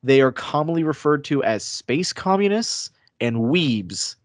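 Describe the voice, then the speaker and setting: A man's voice: a little high, very animated, a little slow, dry recording, clean studio sound. A man co-hosting a podcast, explaining things in a casual way and laughing often. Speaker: podcast co-host.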